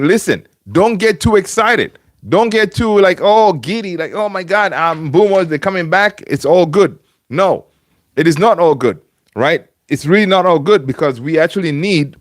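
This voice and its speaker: A man's voice: on the high side, a bit bright, no echo, studio quality. A man hosting a casual fan live stream from home, chatting with viewers by name and using lots of fillers and restarts. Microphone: home streaming setup with webcam.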